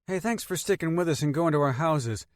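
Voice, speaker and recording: A man voicing an earnest, worried teenage girl in an audiobook, speaking softly and sincerely in a raised pitch. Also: expressive, a little fast, no echo, clean studio sound, natural voice. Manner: earnest, soft-spoken. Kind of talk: audiobook character voice.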